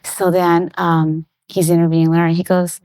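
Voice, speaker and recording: A middle-aged woman, a guest on a talk show, telling a personal anecdote in lively detail and acting out the voices of the people in it. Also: on the low side, normal speed, no echo. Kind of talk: storytelling in a conversation.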